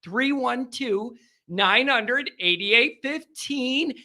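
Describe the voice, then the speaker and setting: High gravelly hype-man sports host. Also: very slow, sharp tone. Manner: brash, hype-man delivery, rattling off plugs. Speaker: call-in show host. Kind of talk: hyped-up sports call-in hosting.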